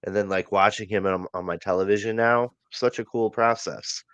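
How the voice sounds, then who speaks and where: A man co-hosts a wrestling podcast, casually recapping a show with many ums and uhs and laughing easily. His voice is on the low side, clear and resonant at normal speed, in a dry recording.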